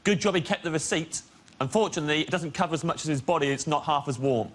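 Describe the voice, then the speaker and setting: Deadpan comic man, high voice. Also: fast. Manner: deadpan, wry delivery. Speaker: comedian. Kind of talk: stand-up comedy on a panel show. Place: TV studio with live audience. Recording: loud studio audience laughter.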